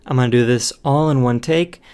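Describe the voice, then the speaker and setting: A man's voice: medium pitch, a little fast, darkish tone, smooth. A man reading a film script aloud in one take, in a plain, unexaggerated tone, stopping now and then for dry remarks on the text. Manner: stumbles and stops to remark on the text. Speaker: online video host.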